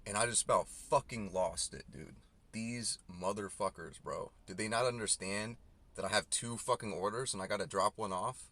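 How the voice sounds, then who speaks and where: A man's voice: fairly low pitch, moderate pace, sharp tone. Profane young man ranting while driving. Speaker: delivery driver. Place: inside a car. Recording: noisy in-car recording. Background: car and road noise, navigation prompts.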